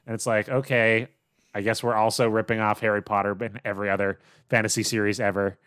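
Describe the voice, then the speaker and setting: A man co-hosting a casual podcast, recapping plot in a relaxed way and laughing often. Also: lowish voice, fast talker, clear, resonant tone, no echo, clean studio sound. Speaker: podcast co-host. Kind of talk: casual chat recapping a TV show.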